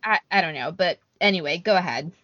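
A woman co-hosting a casual podcast, talking in an animated, chatty way. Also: lowish voice, brisk, dry recording. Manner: animated, chatty, lots of fillers and restarts. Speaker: podcast co-host. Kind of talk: casual chat. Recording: dry, slightly dull lo-fi audio.

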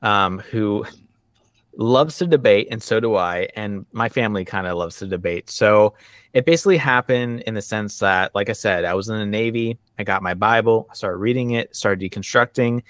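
A man telling his story as a guest in a casual podcast conversation, lively and acting out what people said. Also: on the low side, moderate pace, no room sound.

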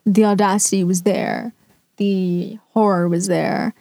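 A woman reacting to read-out stories in a slow, unhurried drawl, blunt and sarcastic and quick to swear. Her voice is mellow and close, with a dry, deadened sound. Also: mid-range voice, fairly even intonation, vocal fry, dry recording. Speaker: storytime reactor. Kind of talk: casual commentary on read-out stories.

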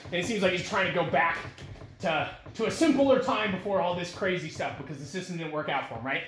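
A man in his twenties talking rambly and excitedly with his father, swearing a lot and saying "like" often. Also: high voice, brisk. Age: 20s. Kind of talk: casual heart-to-heart conversation. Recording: roomy echo with faint noise.

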